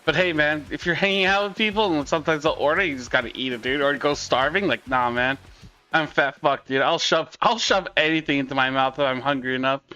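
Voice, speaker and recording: A man's voice: fairly high pitch, fairly quick, pushed and bright, smooth, highs cut off, faint music behind. A young man hosting a watch party stream, chatting casually and profanely, calling everyone dude. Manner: laid-back, profane, says dude a lot. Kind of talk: casual chat.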